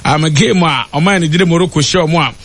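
A man giving football radio analysis in a halting way, with many fillers. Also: on the high side, a bit bright, breathy edge. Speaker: match analyst.

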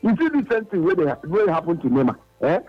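A man's voice: high voice, very animated, quick pace. A man with a Nigerian accent calling in to a radio sports show, talking emphatically and mixing Pidgin with English. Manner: emphatic, repeats himself, mixes Pidgin with English. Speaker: radio caller. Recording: dull lo-fi phone line with faint music.

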